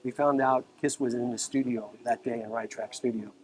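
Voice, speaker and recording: A man's voice: medium pitch, a little fast. A man from the Bronx, a musician guest telling stories casually and profanely, acting out the quotes, outdoors in a park. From New York, the Bronx. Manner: animated, profane, acts out quotes. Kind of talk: casual storytelling.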